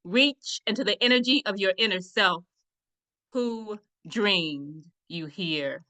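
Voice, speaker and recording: A woman poet reading her spoken-word poem in a slow, deliberate, meditative way. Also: medium pitch, bright, forceful tone, poor audio.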